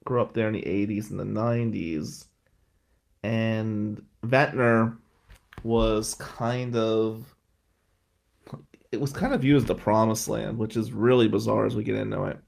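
Tired guy ranting and cursing, gravelly voice, middle-aged host. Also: lowish voice, steady tone, measured pace. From Atlantic City, New Jersey. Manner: profane, ranting storyteller. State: exhausted. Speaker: attorney and podcast host. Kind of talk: casual monologue.

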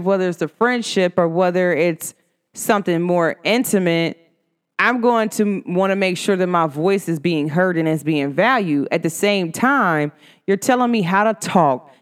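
A woman's voice: medium pitch, moderate pace, clean tone. A woman talking casually to the camera, blunt and emphatic, often acting out the voices of people she quotes. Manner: blunt and outspoken. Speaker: vlogger.

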